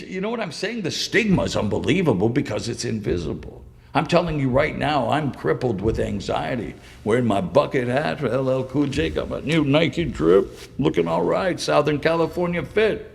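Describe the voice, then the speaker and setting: A middle-aged man from British Columbia, a podcast guest, telling his story with intense emotion, swinging between loud and hushed. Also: fairly high pitch, expressive, moderate pace, creaky, few pauses, long reverb tail. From Canada, British Columbia. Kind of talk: candid interview storytelling.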